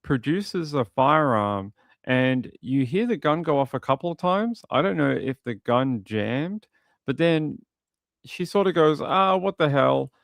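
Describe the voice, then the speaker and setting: Gravelly man commenting casually. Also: medium pitch, measured pace, dry recording. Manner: animated, mocking retellings. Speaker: true crime commentator.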